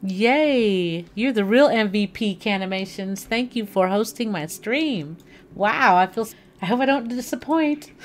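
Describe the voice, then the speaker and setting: A woman's voice: mid-range voice, a little slow. A woman livestreaming a video game from home, chatting casually and thinking aloud as she plays. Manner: chatty, animated, thinking aloud while playing. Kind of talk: casual gaming livestream chat. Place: home living room.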